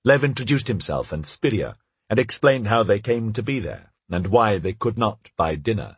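A man narrating an audiobook in an expressive storytelling manner, with a husky voice. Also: normal speed, no echo. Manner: expressive storytelling with lively pitch.

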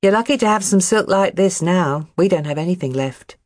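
The audiobook narrator voicing a sly, defiant young village dressmaker, read at a higher, lilting pitch. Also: lively intonation, a little fast, no room sound, clean studio sound, lightly acted. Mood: matter-of-fact.

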